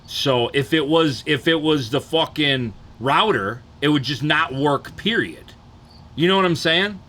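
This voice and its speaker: A man's voice: on the high side, lively intonation, unhurried, a bit bright. A man from the Detroit area, ranting casually and profanely on a livestream and often asking "you know what I'm saying".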